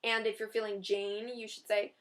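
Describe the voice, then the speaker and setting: A woman's voice: medium pitch, level tone, moderate pace, a bit bright. A young woman giving dating advice in a casual, chatty vlog, often giggling and reading out sample text messages.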